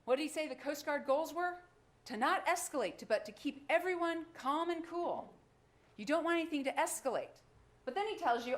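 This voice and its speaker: A woman's voice: sits high, expressive, a little fast. A woman prosecutor giving a closing argument to a jury, emphatic and full of rhetorical questions. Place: courtroom. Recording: echoey courtroom, faint background noise.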